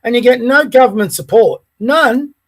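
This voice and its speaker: A man's voice: extremely high pitch, lively intonation, normal speed, fairly bright tone. An Australian man hosting a podcast, delivering a heated, blunt political rant full of swearing. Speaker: podcast host.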